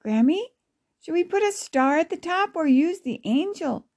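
A woman voicing an excited little girl in a read-aloud storybook. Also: very high voice, normal speed, pitched above the performer's own voice.

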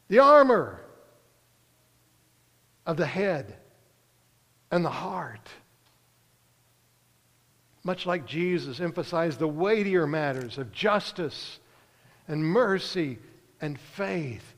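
A man preaching a sermon, earnest, pausing and lifting his voice for emphasis. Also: sits high, animated, in a large hall.

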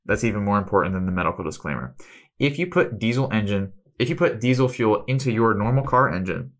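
A man's voice: lowish voice, animated, quick pace. Chatty man explaining health questions. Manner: chatty, self-deprecating asides, loose analogies. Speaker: host.

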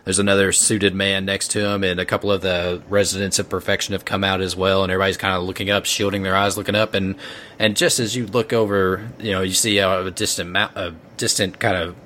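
Man, game master, low voice, rambling narration, restarts. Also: little pitch movement, quick pace, sharp tone, slight background noise. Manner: rambling with many fillers and restarts.

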